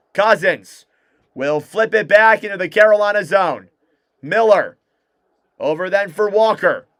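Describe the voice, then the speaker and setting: Excitable young man calling hockey play-by-play. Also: sits high, clean tone, no echo, studio quality. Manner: rapid play-by-play, excitable reactions. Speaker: fan play-by-play commentator. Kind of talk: live hockey play-by-play commentary.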